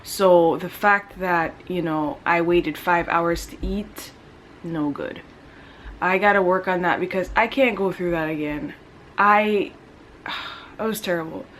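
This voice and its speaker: A young woman vlogging, telling a personal story in a casual, animated way and acting out her own quotes. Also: on the low side, slow pace, slight background noise. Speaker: family vlogger.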